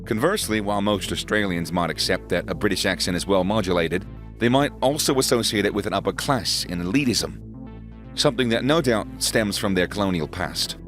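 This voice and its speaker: Low-voiced male narrator for an explainer, chatty and easygoing, soft music bed. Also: lively intonation, brisk. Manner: conversational, with small asides and chuckles. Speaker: narrator of an educational video.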